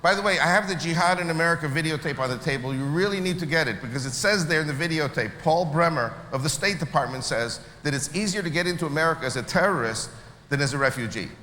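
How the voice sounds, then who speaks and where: A man from Israel telling a story to an audience, animated and acting out the people he quotes. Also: fairly high pitch, fast. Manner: animated, acts out quoted voices. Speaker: speaker at a church meeting. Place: large hall. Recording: echoey hall with faint noise.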